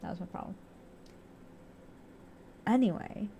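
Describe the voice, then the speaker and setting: A woman's voice: mid-range voice, measured pace, vocal fry, warm tone, slight background noise. A young woman casually commenting on a game as she plays, chatty, laughing often and swearing freely. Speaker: let's-play streamer.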